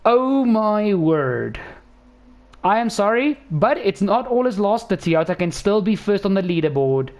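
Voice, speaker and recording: A man hosting a gaming channel, giving a casual racing game car review in an excitable, rambling way with lots of self-corrections. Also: sits high, moderate pace, few pauses.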